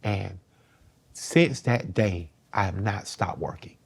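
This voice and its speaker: A man's voice: lowish voice, animated, a little slow, slightly rough. A middle-aged man, a guest in an interview, telling a personal story in a plain-spoken, earnest way and swearing casually.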